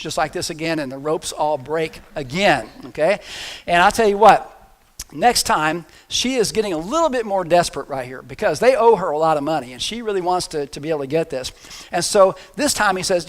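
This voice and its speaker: A man's voice: high voice, animated, normal speed, a bit bright. A male pastor preaching a sermon, retelling a story in a casual, joking way.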